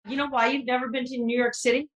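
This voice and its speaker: A woman from Vermont co-hosting a podcast, playful and quick to laugh. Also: sits high, little pitch movement. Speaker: podcast co-host. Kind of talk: casual podcast banter and guest introduction. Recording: echoey room.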